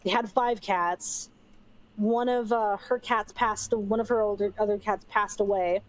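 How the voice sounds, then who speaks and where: Young woman streamer, casual rambling chat, offhand swearing, mid-pitched voice. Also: steady tone, measured pace, low-quality recording. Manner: rambling, chatty, swears casually, frequent fillers. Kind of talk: casual chat while gaming.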